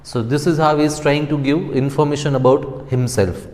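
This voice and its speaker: Teacher going through a chapter, keeps saying right, long echoey reverb. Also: male voice, fairly high pitch, steady tone, darkish tone. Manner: explains slowly, checks with "right?". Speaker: school English teacher. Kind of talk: classroom lesson explanation. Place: school.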